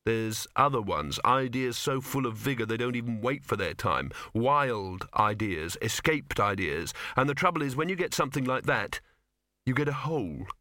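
A man's voice: medium pitch, lively intonation, normal speed, pushed and bright, no room sound, clean studio sound. A man playing Victor, a cautious earnest young man.

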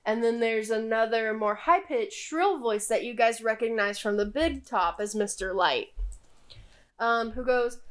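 Casting: young female game master, relaxed, unhurried narration, lots of ums. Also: a little high. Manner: relaxed, with many fillers.

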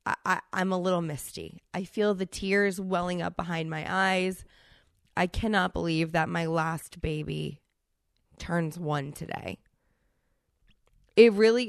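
A woman's voice: on the low side, no room sound, studio quality. A woman in her thirties hosting a solo podcast, talking candidly with a stuffy, congested voice and frequent restarts. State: congested from a cold. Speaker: podcast host.

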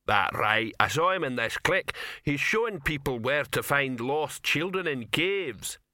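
A man voicing slow, dim-witted male trolls with broken grammar in an audiobook. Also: mid-range voice, animated, pushed and bright, no echo, clean studio sound.

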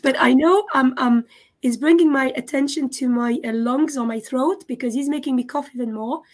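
A woman giving a live mediumship reading, halting and often stopping to check in with questions. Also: sits high, a little mellow. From France. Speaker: psychic medium.

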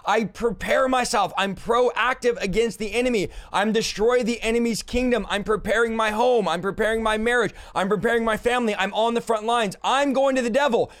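A man's voice: high voice, brisk, hardly any pauses, fairly bright tone. A male host talking in a fervent, emphatic preaching style, stacking up repeated declarations. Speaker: show host. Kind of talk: preaching-style talk show chat.

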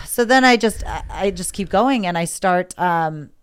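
A woman with a slightly low voice tells a personal story candidly. She rambles and repeats herself, with emotion running through her talk. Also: lively intonation, unhurried, smooth. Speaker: guest.

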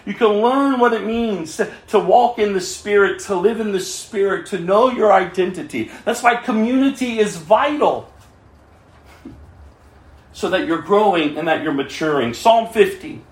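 A man preaching a sermon as pastor, swinging from fervent cries to quiet pleading. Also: high voice, unhurried, reverberant.

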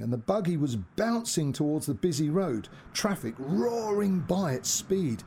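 A man reading a short story aloud as a storyteller, with dramatic, expressive delivery. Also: a little high, unhurried, breathy edge.

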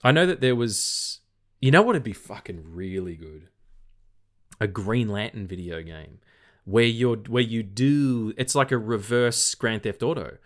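Low-voiced, tired Australian man chatting. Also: expressive, unhurried. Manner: rambling, with frequent restarts and swearing. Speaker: podcast co-host. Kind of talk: casual chat.

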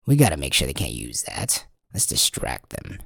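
Brief: a man playing a coaxing corporate tempter, low and hushed, rough-edged. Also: wildly swooping pitch, moderate pace, no echo, studio quality, exaggerated voice. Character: sly scheming male tempter of advertisers.

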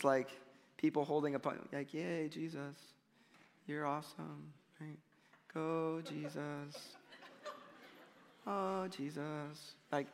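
A man preaching a sermon, animated and conversational, dropping frequent "right?" and "you know" asides. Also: a little high. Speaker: pastor. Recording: long hall reverb.

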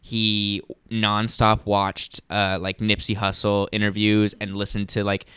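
A young man co-hosting a podcast, telling stories in an excited, rambling way full of "like". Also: lowish voice, a little slow, smooth, no room sound, clean studio sound. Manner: excited, rambling storyteller with many "like"s. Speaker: podcast co-host. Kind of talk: casual chat.

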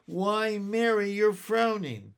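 A man voicing a jolly elderly uncle, hearty and booming, talking through fits of laughter. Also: lively intonation, takes it slowly, vocal fry, smooth, heavily acted. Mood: jovial.

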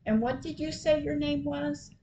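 A woman podcaster reading her diary entries aloud, retelling each call in a plain, measured way. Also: high voice, steady tone, warm tone, slight background noise, poor audio.

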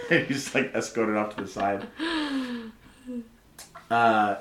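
A man narrating a tabletop game as game master, casual and loose, full of "like" and quick laughs. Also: lowish voice, a bit bright. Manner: casual, lots of "like", laughs often. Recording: roomy echo.

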